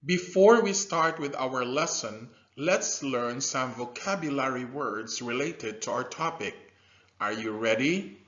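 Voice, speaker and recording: A man teaching a scripted science lesson to young learners, slow and animated, with drilled repetition and loud praise. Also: mid-range voice. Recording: dull lo-fi recording.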